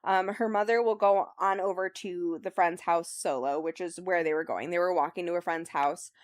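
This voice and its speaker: A woman's voice: on the low side, fairly even intonation, normal speed, no echo, studio quality. A young woman casually summarizing a novel on a podcast, rambling with lots of likes and ums. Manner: rambling, filler-heavy, says "like" and "um" often. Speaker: book club host recapping the book.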